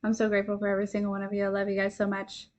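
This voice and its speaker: A young woman hosting a live stream, chatting warmly and rambling, giggling and at times tearful with gratitude. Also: mid-range voice, completely flat delivery, very fast, lo-fi sound. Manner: chatty, rambling with many fillers. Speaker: livestream host and intuitive reader. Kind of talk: casual livestream chat.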